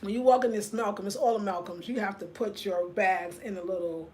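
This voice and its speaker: A woman, hosting a casual livestream rant, telling an animated story straight to her viewers and reading their comments aloud. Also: medium pitch, brisk, a little hiss or hum. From United States. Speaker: host.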